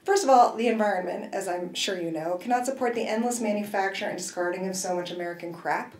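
A woman's voice: mid-range voice, fast talker, darkish tone, echoey room, low-quality recording. A woman author reading aloud from her novel at a university event, in a wry first-person voice with brief asides.

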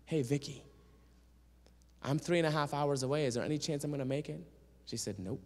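A man with a fairly high voice tells a story from the pulpit, lively and animated as he acts out each person's lines. His voice rings with the long reverb of a church sanctuary. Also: brisk, slight background noise. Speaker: guest speaker and singer. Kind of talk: storytelling sermon.

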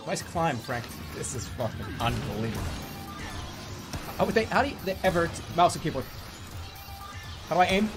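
Male streamer, animated and profane, mutters and shouts in turn, game music audible. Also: moderate pace, pauses often. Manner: swings from low muttering to angry shouting, swears often. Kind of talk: gaming livestream commentary.

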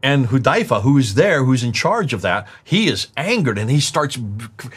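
A man's voice: medium pitch, big pitch swings, moderate pace, husky. A middle-aged man presenting a lecture-style discussion, emphatic, repeating key words and explaining with examples. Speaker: presenter teaching on manuscript history.

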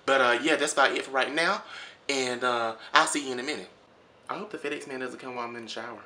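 A young vlogger talks fast in a bright, pushed, medium-pitched voice, holding a phone or camera at arm's length in his kitchen at home. He rambles casually, with lots of ums and restarts.

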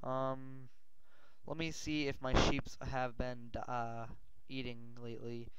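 A male gaming host giving rambling gameplay commentary, often yelling and swearing in panic. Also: medium pitch, slow pace, smooth. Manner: rambling, excitable, yells and swears when panicked. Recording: dull lo-fi mic.

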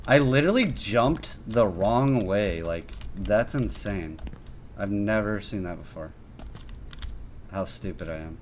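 A man doing gameplay commentary, excitable and self-mocking, breaking into sudden yelps and shouts. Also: on the low side, slow, a little hiss or hum. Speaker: gaming youtuber.

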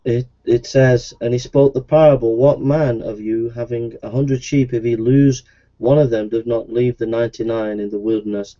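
A man preaching an evangelistic sermon, pleading and repeating himself, his voice at times rising high. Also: level tone, moderate pace, dark tone. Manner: pleading, repetitive, with sudden rises into a high voice. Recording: dull lo-fi recording.

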